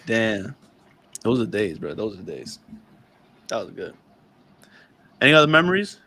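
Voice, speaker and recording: A young man co-hosting a podcast in relaxed casual chat, laughing along and looking back on old times. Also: lowish voice, unhurried. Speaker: podcast co-host.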